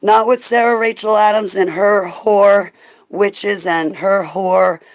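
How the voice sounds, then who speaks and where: A woman's voice: medium pitch, fairly even intonation, takes it slowly, rough recording. A woman hosting a rambling livestream chat with viewers, emotional and profane, often laughing, and at times praying aloud. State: stressed. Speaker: livestream host.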